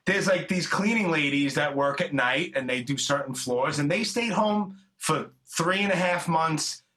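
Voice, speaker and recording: Bright-voiced, profane New podcast host. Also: male voice, on the high side, normal speed. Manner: rambling, profane, chummy. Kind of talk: casual interview chat.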